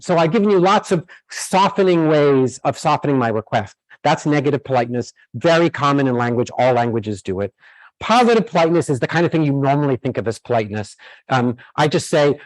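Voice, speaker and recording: A man's voice: medium pitch, expressive, a little fast, no room sound, low-quality recording. A man giving a university lecture who explains in steps, with many fillers and restarts.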